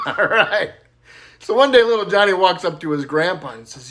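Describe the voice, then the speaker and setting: A man's voice: sits high, animated, moderate pace, a bit bright, slight background noise. A man telling crude jokes in a casual way, bouncing into character voices and laughing at his own punchlines. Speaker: joke teller.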